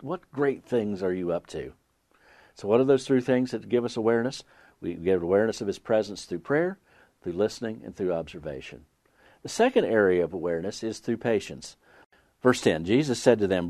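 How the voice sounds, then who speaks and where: A man's voice: deep voice, dark tone, dry recording. A man preaching a sermon, reading scripture aloud and asking the congregation earnest rhetorical questions. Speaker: pastor.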